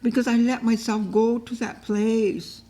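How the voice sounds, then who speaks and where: A woman with a dark, mellow voice teaches an informal Bible study. She repeats herself for emphasis and acts out pleading prayers with feeling. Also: fairly high pitch, little pitch movement, unhurried. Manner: emotive and repetitive, often acts out cries to God.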